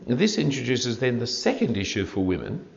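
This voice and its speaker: A man preaching an expository sermon, his gravelly voice rising and falling with animated pitch. He slips in dry, wry asides between verses. The recording is dull and lo-fi. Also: normal speed.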